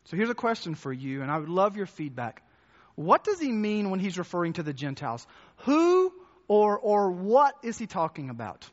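A man's voice: sits high, sing-song, normal speed. A man preaching a sermon to a congregation, conversational, restarting and repeating words as he asks them questions. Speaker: pastor. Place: church hall with congregation. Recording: muffled, echoey church hall.

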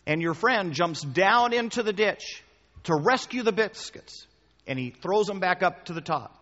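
A man's voice: high-pitched, expressive, a little slow, sharp tone. A male pastor preaching a sermon, chatty and storytelling, firing questions at the congregation and hammering points home by repeating them. His voice carries a long reverb from the hall. The sound is dull and lo-fi. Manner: conversational, quizzing the congregation with questions; storytelling with emphatic repetition.

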